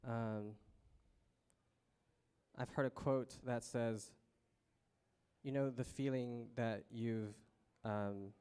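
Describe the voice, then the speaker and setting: A man sharing an embodiment practice in a circle, halting and thoughtful with many fillers. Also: mid-range voice, fairly even intonation, mellow, smooth. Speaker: guest practitioner.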